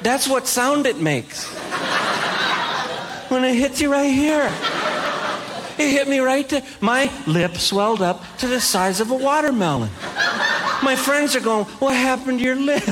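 A man's voice: extremely high pitch, animated, unhurried, pauses often, very noisy. A man telling self-deprecating comic stories with playful punchlines to a live audience. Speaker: comedic speaker. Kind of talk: stand-up storytelling.

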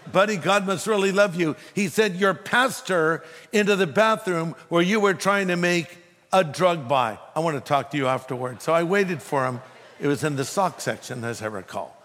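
A man's voice: a little high, fairly bright tone. A man preaching a sermon as pastor, emphatic and telling a humorous story to make his points. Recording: long hall reverb.

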